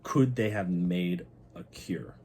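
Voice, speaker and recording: A young man with a very low voice talks through a TV episode in a loose, excited vlog style. He swears freely and turns heartfelt, and a faint hiss sits under his voice. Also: slow. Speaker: channel host. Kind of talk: casual episode recap.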